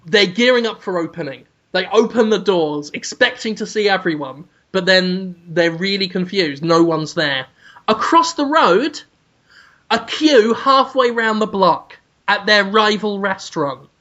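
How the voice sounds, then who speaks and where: A man's voice: high voice, lively intonation, measured pace, bright, forceful tone. Man, podcast host, rambling comic tale, muffled lo-fi audio. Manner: rambling, laughing at his own story.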